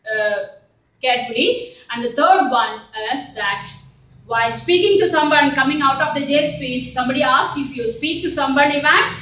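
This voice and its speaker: A woman teacher with an Indian English accent, explaining a story to her class in an animated way and checking often that the students follow. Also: high-pitched. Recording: roomy echo, voice from a distance.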